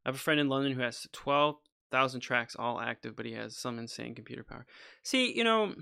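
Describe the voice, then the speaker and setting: A man's voice: medium pitch, animated, fairly quick, vocal fry, bright, forceful tone, smooth. A man composing on a livestream, talking casually and at length with many restarts, opinionated about his craft. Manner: rambling, restarts often, says "freaking" and "you know"; opinionated, goes off on a soapbox. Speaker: composer streaming a session. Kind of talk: casual livestream talk while working.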